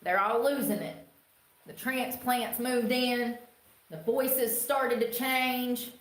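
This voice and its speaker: A woman's voice: a little high, steady tone, slow, echoey room. A woman from North Carolina with a Southern twang, chatting casually and rambling on a home livestream, swearing freely. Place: indoors at home.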